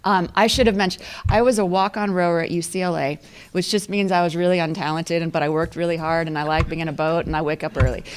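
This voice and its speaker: A woman's voice: on the low side, fairly even intonation, quick pace, a little hiss or hum. A woman in her fifties giving a conversational, self-deprecating storytelling speech as an athletic director, often laughing at herself. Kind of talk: storytelling club luncheon speech.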